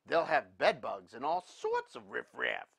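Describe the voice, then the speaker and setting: A man's voice: medium pitch, huge pitch swings, measured pace, creaky, a bit bright, breathy edge, no echo, full character voice. A man voicing a proper, fretful pioneer mother.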